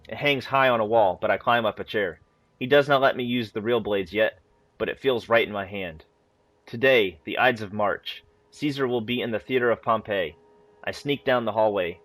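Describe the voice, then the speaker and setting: Reading story files from a game, the host of a gaming channel keeps a steady, measured delivery broken by occasional offhand asides. The recording carries no room sound, and his voice sits fairly low.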